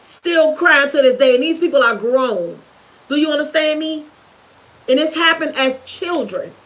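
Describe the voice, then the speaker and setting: A young woman with a high voice speaks straight to her viewers about something painful from her past. She is earnest and intense, circling back over the same words to drive them home. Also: lively intonation, a little slow, fairly bright tone, poor audio. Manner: earnest, repetitive, intense storytelling. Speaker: vlogger. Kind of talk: emotional personal testimony to camera.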